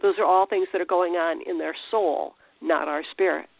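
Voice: mid-range voice, steady tone, moderate pace, creaky, no echo. A Christian teacher giving an informal spiritual talk, conversational, with restarts and rhetorical questions. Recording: tinny phone-like dry sound.

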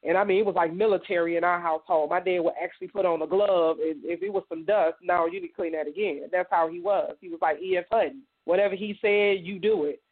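A woman from Indiana, an interview guest, giving a halting personal testimony full of "you know.". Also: fairly low pitch, fairly even intonation. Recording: tinny phone line.

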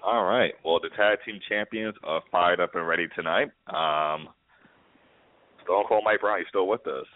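A man's voice: sits low, normal speed, no echo. A man hosting a radio show, interviewing hesitantly with many fillers, over a tinny phone line.

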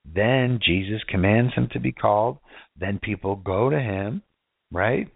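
With a lowish, creaky voice that has a breathy edge, a man preaches a casual sermon at a measured pace, constantly posing rhetorical questions and asking "right?". The recording is dry, with a tinny, phone-like quality.

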